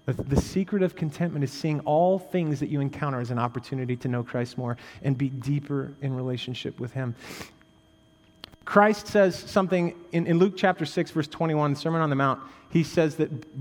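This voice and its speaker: A man gives a sermon as a pastor, speaking at a moderate pace with a big-room sound. He talks conversationally, cracks jokes, tosses in "right?", and alternates between intense, raised emphasis and hushed, low stresses.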